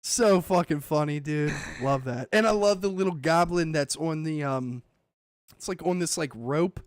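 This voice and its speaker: A man hosting a casual podcast chat, animated and swearing, acting out movie lines as he goes. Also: on the high side, moderate pace, no room sound, studio quality. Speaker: podcast host.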